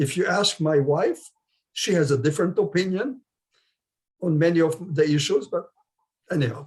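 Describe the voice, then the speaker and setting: Older career coach in his 70s with a foreign accent, lively pitch, talking over a video call. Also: fairly quick. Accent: non-native English accent. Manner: chatty, repeats himself for emphasis. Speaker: career coach presenting a webinar. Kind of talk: live webinar talk.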